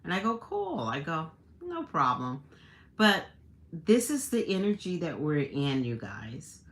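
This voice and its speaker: A woman's voice: sits low, big pitch swings, unhurried, a bit bright. A woman hosting a livestream, telling a personal story in a chatty way, laughing often and restarting her sentences. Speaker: livestream host. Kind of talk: casual storytelling to a live audience.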